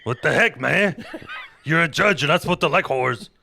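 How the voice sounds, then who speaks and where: A man puts on God as an exasperated, scolding father figure. The voice is louder and pushed higher than normal, with a rough, creaky edge. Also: animated, moderate pace, exaggerated voice. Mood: mock-stern. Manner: loud, mock-stern.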